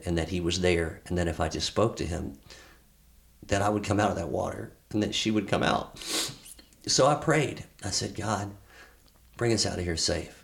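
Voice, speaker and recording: A middle-aged man speaks as a podcast guest in a deep, low-pitched voice. He tells his story candidly and earnestly. He halts often, restarting his sentences and filling the gaps with fillers.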